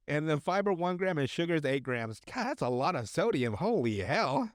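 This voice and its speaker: A man's voice: on the high side, very animated, measured pace, no echo, clean studio sound. A man co-hosting a podcast, reading recipes aloud in casual chat, stumbling over words and joking crudely. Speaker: podcast co-host.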